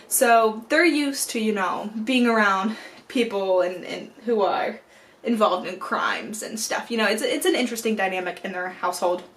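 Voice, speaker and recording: A young woman in college reviewing books in a casual, rambling vlog, animated and full of playful asides. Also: medium pitch, moderate pace. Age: young adult. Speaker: book vlogger. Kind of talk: casual chatty book review.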